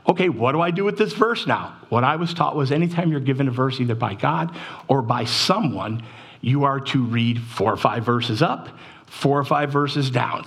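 A middle-aged man with a husky, slightly breathy voice delivers a heartfelt sermon testimony to his congregation. His pitch sits in an ordinary middle range, and he tells his story with strong feeling, dropping low and quiet when it turns sad. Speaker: church speaker.

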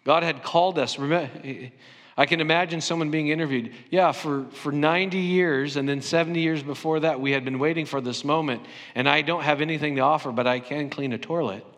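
A man's voice: on the high side, a little fast, a bit bright, long reverb tail. A middle-aged man from Southern California preaching a sermon in a conversational, anecdotal way with self-deprecating humor. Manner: acts out imagined interviews with playful voices. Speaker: pastor. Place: church sanctuary.

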